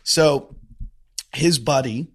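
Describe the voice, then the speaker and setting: A man hosting a podcast in casual chat, telling stories and acting out the quotes loudly. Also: medium pitch, very slow, creaky, breathy edge. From from the American West. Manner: animated storyteller, acts out quotes loudly. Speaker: podcast host.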